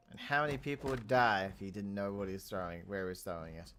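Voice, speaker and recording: A man's voice: lowish voice, animated, quick pace, few pauses, fairly bright tone, slight background noise. A man giving playful, chatty commentary while playing a building game, breaking into silly singing and voices. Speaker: gaming YouTuber. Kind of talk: casual gameplay commentary. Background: background music.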